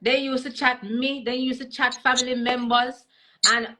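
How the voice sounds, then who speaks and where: A woman's voice: high-pitched, flat delivery, moderate pace, pushed and bright, poor audio. A Jamaican woman, a comedian, telling stories in a casual interview over a video call, switching between patois and English. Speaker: comedian guest.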